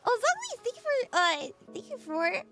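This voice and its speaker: A woman hosts a casual tarot livestream just after waking up, bubbly and quick to giggle as she greets her chat. Her voice sits very high and swoops around a lot, with a bright edge. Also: huge pitch swings, faint music behind. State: just woke up.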